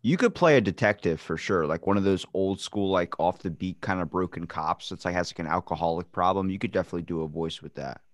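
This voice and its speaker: Low-voiced, teasing male podcast host. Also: quick pace, few pauses, dry recording, clean studio sound. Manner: joking, teasing, profane banter. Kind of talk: casual podcast chat.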